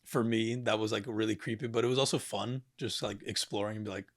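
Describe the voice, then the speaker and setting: Young man, podcast guest, low gravelly voice, loose rambling delivery, dry close mic. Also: steady tone, quick pace, dry recording. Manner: rambling, swears often, many fillers. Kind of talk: casual podcast chat.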